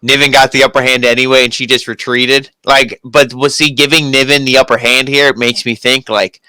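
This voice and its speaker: A man's voice: mid-range voice, level tone, fairly quick, sharp tone, smooth, no room sound, poor audio. A man co-hosting a wrestling review podcast, chatting in an easygoing, agreeable way. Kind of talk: casual chat.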